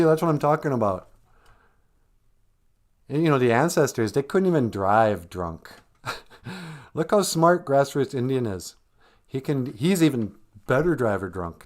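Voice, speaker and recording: A man's voice: mid-range voice, sing-song, measured pace. A man hosting a livestream, joking and teasing in an ironic, chuckling way. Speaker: host of a language livestream.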